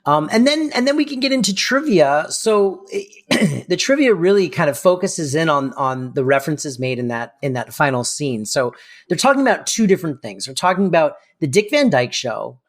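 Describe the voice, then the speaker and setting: A man's voice: fairly high pitch, very animated, normal speed. A man co-hosting a podcast in a casual chat, explaining at length with many fillers. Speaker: podcast co-host.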